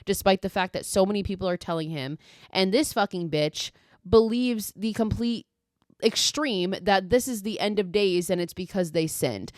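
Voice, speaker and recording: A woman's voice: mid-range voice, no room sound, studio quality. A young woman hosting a podcast, casually recapping a film with lots of swearing and quoted lines. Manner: profane, animated retelling with quoted lines. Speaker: podcast host.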